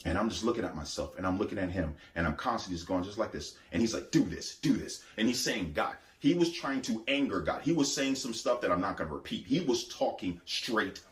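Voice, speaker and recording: Lively low-voiced man giving testimony. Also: brisk, few pauses. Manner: emphatic storyteller who repeats phrases and acts out quoted voices. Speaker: Christian testifier. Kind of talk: spoken religious testimony.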